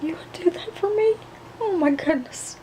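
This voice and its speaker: Woman as an emotional young woman: mellow, fretful, halting. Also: mid-range voice, fairly even intonation, slight background noise, close to an everyday voice, poor audio. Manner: breathless, fretful, halting with repeated words.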